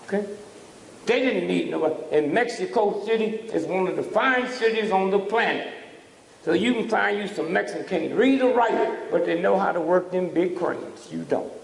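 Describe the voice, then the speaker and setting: A man's voice: high voice, lively intonation, normal speed, gravelly. An older man giving a fiery public lecture, preachy and provoking, often tossing out "huh?" at the audience. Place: lecture hall. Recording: echoey hall from a distance.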